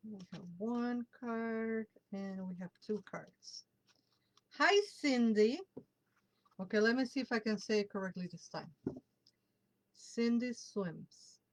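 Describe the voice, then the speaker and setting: Slow-talking woman hosting a tarot stream. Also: fairly high pitch, poor audio. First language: Spanish. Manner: chatty, greets viewers by name, slips in Spanish words. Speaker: tarot reader hosting a live show. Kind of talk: casual live-stream chat.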